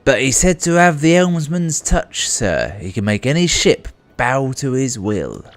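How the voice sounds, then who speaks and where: A man doing a gruff salty sailor. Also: mid-range voice, sing-song, measured pace, soft background music, voice pushed up. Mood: eager.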